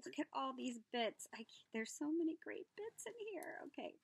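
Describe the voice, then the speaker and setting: A woman hosting a craft channel, opening a mail package and gushing over each item with gasps, soft whispers and breathy exclamations. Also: high-pitched, expressive, moderate pace, background noise. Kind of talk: casual unboxing chat.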